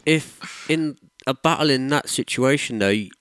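A man's voice: mid-range voice, normal speed, a bit bright, clean tone, no room sound, clean studio sound. A man, chatting bluntly and jokily as a guest, swearing often. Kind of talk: casual chat.

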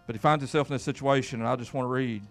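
Gravelly preacher man. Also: medium pitch, fairly even intonation, very fast, soft background music. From Kentucky. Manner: folksy, emphatic preaching with repeated words and call-outs. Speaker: pastor. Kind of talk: sermon.

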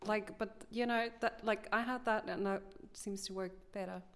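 A woman from South Africa telling an animated story in a casual group discussion, laughing often. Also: medium pitch, moderate pace, background noise.

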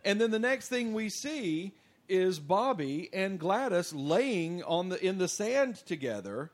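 A man's voice: high-pitched, a little slow. A man co-hosting a casual podcast, recapping a bad movie scene by scene and mock-quoting its characters. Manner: animated retelling, mock-quotes characters. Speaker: podcast co-host. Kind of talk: casual movie-review chat.

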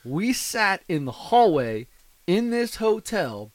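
Laughing animated storyteller man. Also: high voice, takes it slowly, dry recording. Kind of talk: casual chat.

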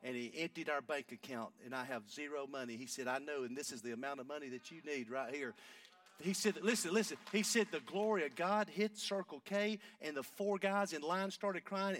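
A man, preaching a sermon and telling a story, going from hushed talk up to shouting. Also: on the high side, lively intonation, a little fast, distant mic, a faint crowd.

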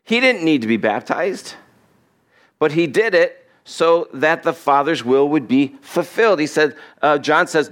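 A man's voice: on the high side, animated, moderate pace, fairly bright tone. A male pastor giving a conversational sermon, acting out the lines he quotes and chuckling as he goes.

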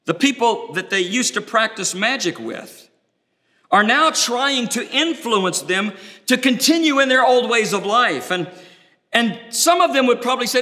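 A man's voice: very high-pitched, lively intonation, a little slow, bright, forceful tone. A man preaching a sermon with dramatic delivery, acting out the voices he quotes. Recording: long reverb of a large hall.

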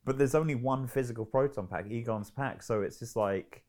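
A man co-hosting a casual film podcast, animated and swearing freely as he rants. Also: mid-range voice, moderate pace. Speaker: podcast co-host.

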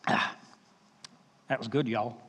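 A man with a Southern accent preaching a sermon, emphatic and conversational, dropping to quiet asides. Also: medium pitch, fairly even intonation, slow pace, background noise. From Alabama. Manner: emphatic, varies loudness, drops to quiet asides. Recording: reverberant hall.

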